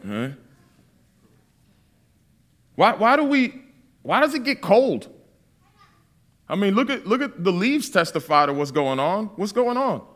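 A man's voice: high-pitched, very animated, a little slow, pauses often, a bit bright. A man in his thirties from Massachusetts preaching a sermon, mixing Bible readings with joking stories. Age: 30s.

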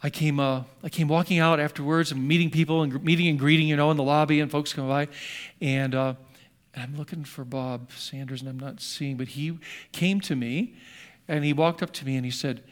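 Older pastor preaching earnestly. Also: male voice, a little high, steady tone, fairly quick. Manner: earnest, storytelling, shifts between hushed and emphatic. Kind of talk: sermon.

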